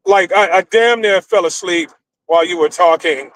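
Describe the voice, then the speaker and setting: A middle-aged American man hosting a stream, telling stories in a blunt, profane, animated way. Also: high-pitched, moderate pace, poor audio. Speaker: streamer host. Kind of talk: casual storytelling rant.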